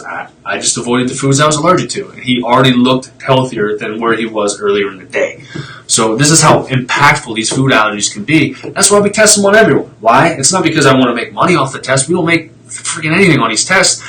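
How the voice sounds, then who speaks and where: A man's voice: mid-range voice, a bit bright, slight background noise, rough recording. A man talking casually on a live stream, explaining x-rays in a blunt, fired-up way, with tangents and mild swearing. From Italian heritage.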